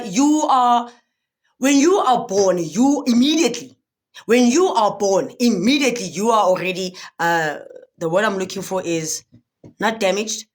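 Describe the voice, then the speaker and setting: Brief: young woman, spiritual motivational speaker live with her viewers, high, lively voice, preachy and chatty. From South Africa. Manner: animated, preachy, often asks if listeners understand. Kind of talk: livestream talk with viewers.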